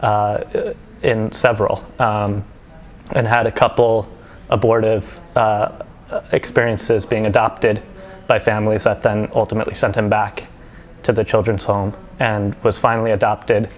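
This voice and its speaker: A man's voice: on the low side, flat delivery, a little slow. A literary translator talking casually about a novel he has translated. He stops often for ums and restarts. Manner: hesitant, many ums and restarts. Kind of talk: casual book presentation with commentary. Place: event setting with faint ambience.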